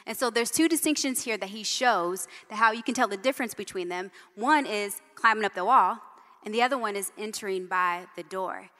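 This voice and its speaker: A middle-aged woman delivers a sermon in a church hall, her medium-pitched, somewhat bright voice moving a little fast amid long reverb. She shares personal anecdotes conversationally, often tossing in "right?"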